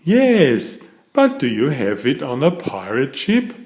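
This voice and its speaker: A jolly, playful cartoon pig father, voiced by a man reading a storybook aloud. He talks slowly, and his voice swoops up and down with cheerful enthusiasm. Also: medium pitch, huge pitch swings, darkish tone. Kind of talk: children's story read aloud.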